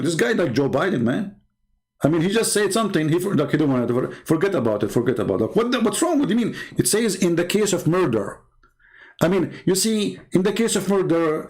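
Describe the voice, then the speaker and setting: Male host, sarcastic, mocking, slightly high voice. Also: darkish tone. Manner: mocking, sarcastic, laughs at own jokes. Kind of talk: polemical commentary.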